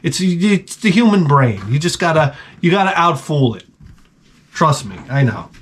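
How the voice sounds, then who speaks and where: A man's voice: fairly high pitch, very animated, normal speed. A man giving blunt, crude relationship advice in a rambling comic monologue, often acting out what people say. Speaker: advice vlogger.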